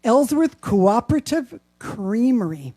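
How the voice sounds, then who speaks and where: Wisconsin woman hosting a home concert, high voice, unhurried, enthusiastic chat. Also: big pitch swings, mellow. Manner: chatty, enthusiastic, storytelling. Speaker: singer and show host. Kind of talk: casual live-stream chat between songs. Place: home, indoors.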